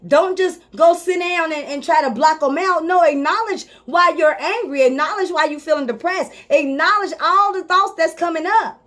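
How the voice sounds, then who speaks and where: Female life coach, high-pitched, emphatic motivational delivery, repetitive and informal. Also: normal speed, hardly any pauses, fairly bright tone. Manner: emphatic and repetitive, drives points home; speaks directly to viewers, informal. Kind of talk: motivational talk to camera.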